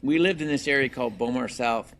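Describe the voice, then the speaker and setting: A man from Colorado, a guest novelist, telling a hunting story on a podcast in an animated, laughing way with many restarts. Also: medium pitch, fairly quick.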